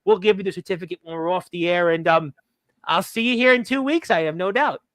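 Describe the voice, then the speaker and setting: High bright-voiced male show host. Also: brisk, no echo. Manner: rambling, many "um" fillers. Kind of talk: online radio talk show hosting.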